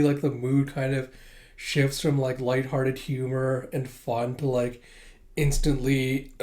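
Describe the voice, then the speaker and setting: A man's voice: medium pitch, darkish tone. A man giving a casual chapter recap as a manga reviewer, chatty, with frequent laughs and fillers.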